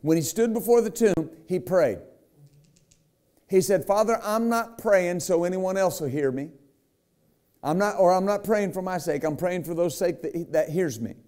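A pastor with a high, darkish voice preaches at a moderate pace, retelling a scripture story with acted-out quotes. He speaks emphatically, turning to the congregation with frequent "right?" and "amen?" asides.

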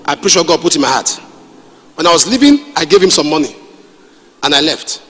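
A middle-aged Nigerian man preaching a sermon, animated and storytelling, with pidgin asides. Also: fairly high pitch, brisk, big-room sound, faint music behind. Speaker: pastor.

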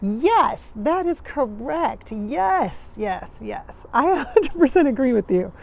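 A woman's voice: high voice, very animated, slow, gravelly. A woman from Minnesota, channeling in a chatty way with dry sarcastic humor, recorded outdoors at sunrise. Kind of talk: casual spiritual channeling talk.

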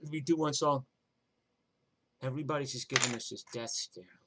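A man's voice: medium pitch, steady tone, moderate pace, heavy background noise. An older man with a New York accent telling a rambling, profane story from his own life in a streetwise way. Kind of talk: live personal storytelling.

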